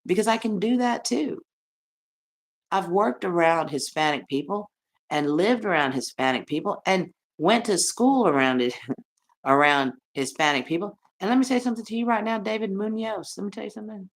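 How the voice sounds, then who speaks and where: A middle-aged American woman ranting on her livestream, brash and profane, laughing often and swinging between loud and soft. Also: mid-range voice, expressive, normal speed. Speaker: livestream host. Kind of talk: rambling livestream rant.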